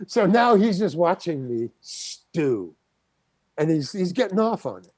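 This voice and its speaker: Animated older man telling a story. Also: high-pitched, slow pace, no room sound. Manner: animated, acts out quoted voices, stammers and restarts. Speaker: guest actor. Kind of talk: anecdotal interview storytelling.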